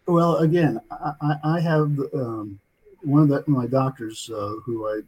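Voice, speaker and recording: An older man tells a story in a loose, rambling way and checks in with "okay?" after nearly every point. His voice is husky and mellow. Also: mid-range voice, a little slow, low-quality recording. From United States. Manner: rambling, tags many sentences with "okay?". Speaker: author, interview guest. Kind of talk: casual storytelling in an interview.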